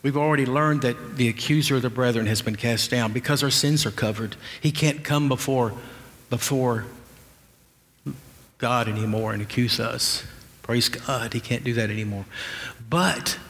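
A man's voice: medium pitch, steady tone, normal speed, fairly bright tone. Man preaching a sermon, earnest and chatty, echoey church hall. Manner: earnest and conversational, with frequent restarts. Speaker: pastor.

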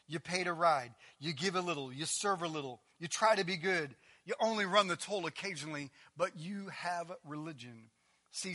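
A man preaching with a high, bright voice. He builds his points with rhetorical questions and then falls to a near hush, sometimes stumbling over repeated words as he drives on. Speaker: pastor. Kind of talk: sermon.

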